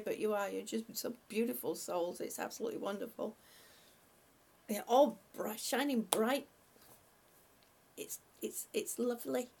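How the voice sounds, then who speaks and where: A woman's voice: fairly high pitch, gravelly, a little mellow, slight background noise. A woman hosting a casual live stream, chatting and laughing often as she greets viewers by name. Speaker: livestream host.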